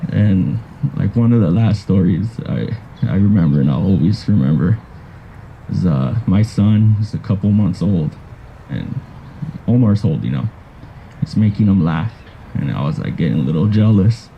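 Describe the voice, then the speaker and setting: A man speaking at a cousin's graveside, telling funny memories in a halting way with restarts. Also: low-pitched, lively intonation, gravelly, dull audio, slight background noise. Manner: halting, with restarts and soft trailing phrases. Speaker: cousin giving a eulogy. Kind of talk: graveside eulogy with anecdotes. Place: outdoors at a graveside.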